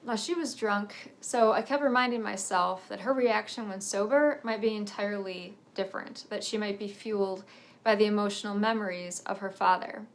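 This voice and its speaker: An earnest woman in her thirties recounts a painful personal memory. She speaks in a reflective, even-pitched voice with a few nervous laughs. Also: normal speed. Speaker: author sharing a personal story.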